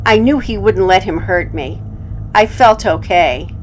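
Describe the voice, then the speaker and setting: A woman narrating horror stories for her channel in a calm, measured way. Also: medium pitch, a little hiss or hum, poor audio.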